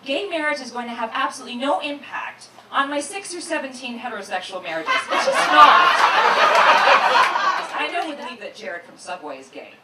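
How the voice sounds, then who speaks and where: A brash female comedian works a club crowd with self-mocking punchlines, her voice high and widely swooping. The recording is distant and echoey, and loud crowd noise surrounds her. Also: expressive, fast, few pauses. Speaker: stand-up comedian. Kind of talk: stand-up comedy set. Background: audience laughter.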